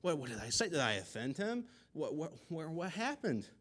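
A man's voice: high-pitched, very animated, slow, slightly rough, voice pushed up, exaggerated voice. A man putting on a giddy old grandma. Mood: bewildered.

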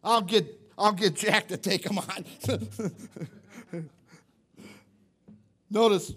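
A man's voice: sits high, takes it slowly, long pauses, a bit bright. A man preaching a sermon in church, emphatic and repetitive, often questioning the congregation. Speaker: pastor.

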